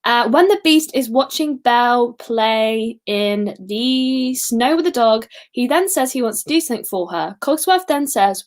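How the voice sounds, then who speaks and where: A woman's voice: on the high side, normal speed. A woman hosting a casual live-stream quiz, chatty and giggly, sometimes singing short snippets. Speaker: quiz host.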